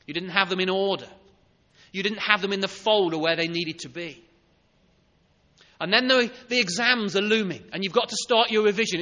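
Emphatic preacher in an echoing church. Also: male voice, high voice. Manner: emphatic, rising and falling between loud urging and soft intimacy. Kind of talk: sermon. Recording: long echo of a church hall.

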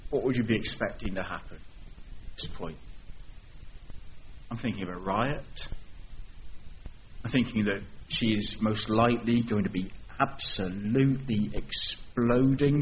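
Man preaching, lowish voice, dramatic and questioning, dull recording with faint hiss. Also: measured pace, long pauses. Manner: expressive, dramatic storytelling with rhetorical questions. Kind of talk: sermon.

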